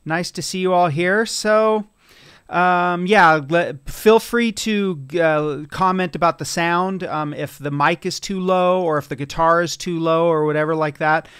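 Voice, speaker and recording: A guitar teacher from Sacramento, California, hosts a live-streamed lesson, chatting casually and greeting viewers and answering their chat between explanations. His voice is a little high, a bit bright, and clean in tone, and he speaks a little slowly. The studio sound is clean with no echo, picked up by a studio mic set a bit away from him.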